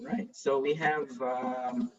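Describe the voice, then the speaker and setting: A man's voice: medium pitch, steady tone, slow pace, a little mellow. A man, a pastor, teaching a Hebrew reading class and patiently drilling pronunciation with repeated examples, heard on a distant, dull classroom recording. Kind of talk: classroom lesson.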